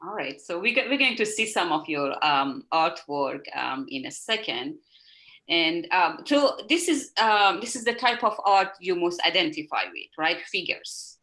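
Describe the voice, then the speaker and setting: A woman's voice: lowish voice, expressive, a little slow, fairly bright tone, rough recording. A woman hosting an interview, speaking politely and a little hesitantly over a video call. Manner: polite, hesitant, formal phrasing. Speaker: host.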